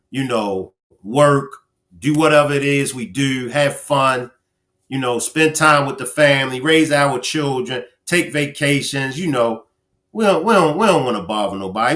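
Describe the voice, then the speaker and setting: A man's voice: medium pitch, a bit bright. Emphatic man live-streaming commentary. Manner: talks straight to chat viewers, emphatic, repeats phrases. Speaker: livestream commentary host.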